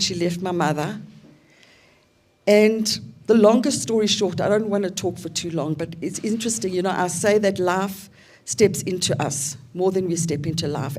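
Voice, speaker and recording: Her voice on the low side and darkish in tone, a South African woman in her fifties gives a reflective personal testimony. She's an invited seminar speaker, and her delivery includes pauses and fillers.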